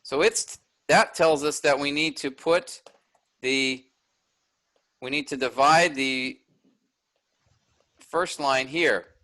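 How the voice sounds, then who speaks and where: Middle-aged male teacher, patient explainer, bright voice, slightly high pitch. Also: slow pace, long pauses. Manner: explanatory, checks in with "all right?". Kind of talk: recorded lecture with screen sharing.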